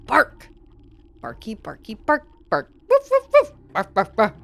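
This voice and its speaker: A woman's voice: on the high side, huge pitch swings, a little slow, creaky, fairly bright tone, full character voice. A woman voicing a clumsy cartoon cat trying to bark like a dog. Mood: silly. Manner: goofy barking and woofing. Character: cartoon cat bumbling while learning to bark.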